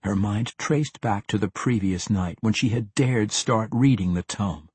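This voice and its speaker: Low, husky male audiobook narrator. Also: measured pace, darkish tone, dry recording. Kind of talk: scripted fantasy narration.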